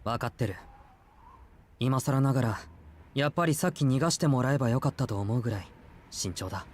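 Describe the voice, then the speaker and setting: An actor voicing a calm, laconic young man in a visual novel, speaking in a low-key, matter-of-fact way. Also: rapid-fire, natural voice. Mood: earnest.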